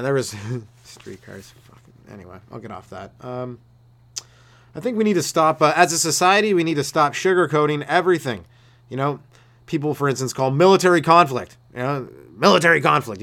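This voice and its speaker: Guy, stand-up comic, loose rambling solo podcast rant, mid-pitched voice. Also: expressive, a little fast, pushed and bright. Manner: laid-back and meandering, with restarts and acted-out voices.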